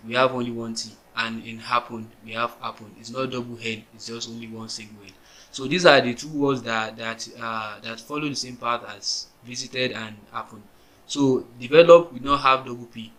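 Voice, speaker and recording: A man teaches spelling rules for English verbs in a casual classroom way. His voice is bright and forward, with a middling pitch. He spells words out letter by letter, restarts his sentences often and keeps asking whether the listener understands. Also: steady tone, moderate pace, low-quality recording. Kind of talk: explaining grammar on a whiteboard.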